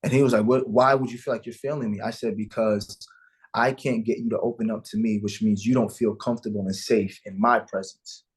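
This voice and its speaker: Husky-voiced man telling an emotional story. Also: on the low side, fairly even intonation, a little fast. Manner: earnest, emotional, acts out quoted dialogue. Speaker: guest, father of sons. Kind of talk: candid interview storytelling.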